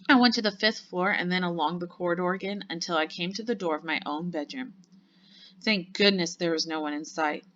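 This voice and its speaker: A woman teacher reading a children's book aloud with lively storybook narration. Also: on the low side, a little hiss or hum. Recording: muffled lo-fi recording.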